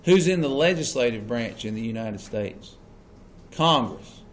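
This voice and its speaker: A man's voice: medium pitch, lively intonation, unhurried. A man teaching a class, often checking whether his students follow. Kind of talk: classroom lecture.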